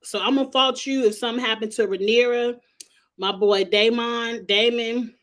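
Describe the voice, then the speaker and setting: Brash woman hosting a casual TV recap, somewhat high-pitched, talks right at the characters. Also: normal speed. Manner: sassy, talks straight to the characters; animated, slangy and blunt. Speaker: TV show reviewer. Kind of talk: casual commentary.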